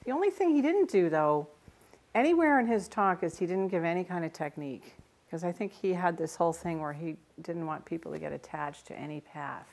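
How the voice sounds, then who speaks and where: Older woman zen teacher, kinda low voice, chatty storytelling dharma talk, pokes fun at herself. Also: a little fast. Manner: conversational and storytelling, with gentle self-mocking humor. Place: meditation center hall.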